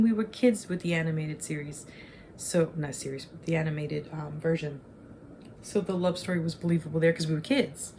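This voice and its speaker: An online movie reviewer, a woman in her forties with a mellow voice that sits low for a woman, gives a casual spoken film review. She rambles, often stops to correct and rephrase herself, and talks frankly and emotionally about her feelings. A little hiss or hum runs under the audio.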